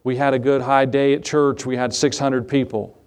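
A pastor preaches with emphasis in a clear, resonant mid-range voice, level in tone and at normal speed. He repeats key phrases, asks rhetorical questions, and shifts between raised passages and quiet asides.

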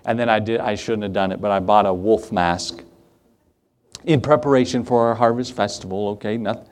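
A man preaching a sermon as pastor, animated, with rhetorical questions and conversational asides. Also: lowish voice, brisk. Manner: animated preaching that acts out the quoted voices.

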